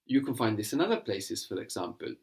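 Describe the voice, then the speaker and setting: A man's voice: on the low side, big pitch swings, quick pace, darkish tone. A man teaching a language lesson, patiently explaining words and prompting his student to translate.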